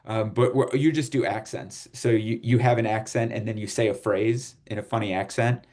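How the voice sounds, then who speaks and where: Low-voiced man hosting a relaxed call. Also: normal speed. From Chicago. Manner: relaxed, rambling with fillers and laughs. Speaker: host. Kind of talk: casual group chat.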